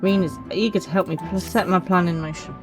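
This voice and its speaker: A woman's voice: on the low side, steady tone, fairly quick. A woman streaming a game, chatting casually and reading game dialogue aloud, with asides to her pets. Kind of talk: casual let's-play commentary. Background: game music.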